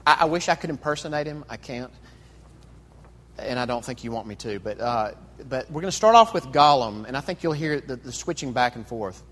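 A male pastor preaching a conversational sermon, full of rhetorical questions and quick restarts. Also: mid-range voice, expressive, fairly bright tone. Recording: echoey hall with long reverb.

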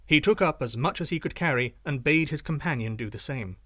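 Male storyteller, scripted narration, slightly high voice, dry close sound. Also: animated, fairly quick, fairly bright tone, no echo.

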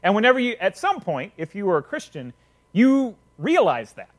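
A man's voice: high-pitched, wildly swooping pitch, moderate pace. A man preaching a casual sermon, retelling a parable conversationally with frequent check-ins to listeners.

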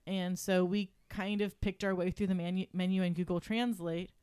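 A woman's voice: lowish voice, steady tone, moderate pace, darkish tone, clear, resonant tone, dry recording, studio quality. A woman co-hosting a podcast, chatting casually and acting out the people in her stories. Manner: storytelling, acts out quoted people. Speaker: podcast co-host. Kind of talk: casual chat.

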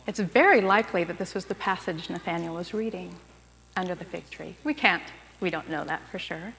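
A woman's voice: lowish voice, brisk, fairly bright tone. A woman preaching a sermon in a church, speaking conversationally and putting questions to her listeners. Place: church sanctuary. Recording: long reverb of a large room.

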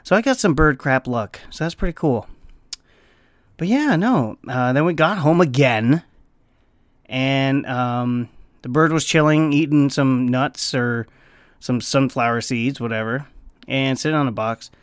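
A man casually telling a story on his vlog. He swears freely and breaks into squeaky bird noises. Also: a little slow, clear, resonant tone, no echo, clean studio sound. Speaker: vlogger.

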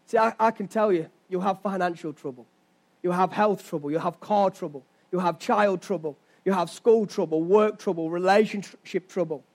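A young pastor's high-pitched, slightly mellow voice carries his sermon at a moderate pace. He leans on conversational storytelling and rhetorical questions aimed at the listeners.

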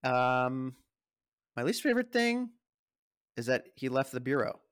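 A man improvising a comedy bit as an earnest, slightly halting office manager. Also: medium pitch, sing-song, clean tone, dry recording, studio quality. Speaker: improv performer playing an HR manager.

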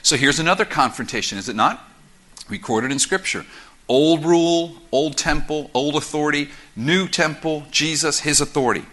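A man preaching a sermon as pastor, explaining scripture verse by verse in an animated, conversational way with quick asides. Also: fairly high pitch. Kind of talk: expository sermon.

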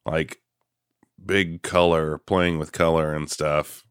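Low-voiced man chatting about films. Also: little pitch movement, slow pace, a bit bright, clear, resonant tone, no echo, studio quality. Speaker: podcast co-host. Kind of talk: casual film chat.

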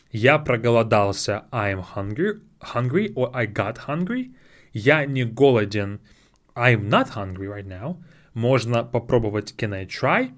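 A male teacher guides a spoken language lesson, his pitch swinging widely as he speaks. He patiently says each phrase slowly, repeats it, then breaks it down. He talks close into his own microphone.

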